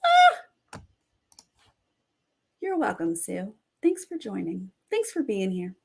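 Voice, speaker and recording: A young woman hosting a casual reality TV recap, reacting with excitement and reading viewer comments aloud. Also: medium pitch, normal speed, vocal fry, slightly rough.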